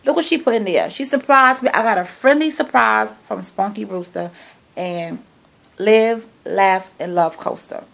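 Gravelly-voiced chatty woman vlogger. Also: mid-range voice, measured pace, fairly bright tone. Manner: chatty, sassy, talks to viewers like friends. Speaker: vlogger showing a shopping haul. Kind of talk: casual chat to camera. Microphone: phone camera.

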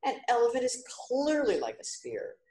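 A woman's voice: on the high side, huge pitch swings, normal speed, mellow, roomy sound, pitched above the performer's own voice. A woman voicing a blind man who states his view emphatically in a storybook reading. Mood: certain.

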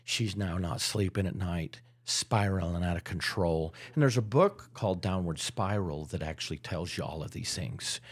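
A man's voice: low voice, normal speed, hardly any pauses, breathy edge. A middle-aged man from Utah, talking as a guest in a casual podcast conversation and acting out the people in his stories. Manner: animated storyteller who acts out voices. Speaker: real estate guest.

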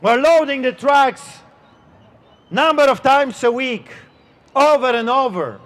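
A middle-aged man with a non-native English accent preaches outdoors on a city street, unusually high-pitched. He talks slowly and emphatically, stretching key words for weight. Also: lively intonation, a bit bright. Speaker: street pastor.

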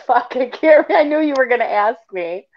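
A woman's voice: sits high, animated, measured pace. A woman co-hosting a casual chat who teases playfully and laughs often. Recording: dull lo-fi recording.

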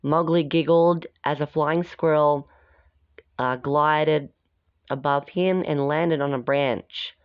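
Her voice sits low, clear and resonant, holding a steady tone as she takes it slowly. She reads a storybook aloud casually, stopping for chatty comments on the pictures, in a dull, dry lo-fi recording.

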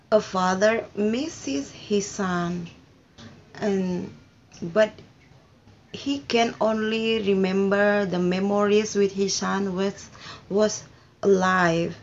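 This is an Indonesian woman hosting a casual reaction vlog in unhurried, halting English, earnest and openly emotional. Her first language is Indonesian. The recording is dull and lo-fi, with a faint hiss underneath. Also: mid-range voice. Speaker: reaction video host.

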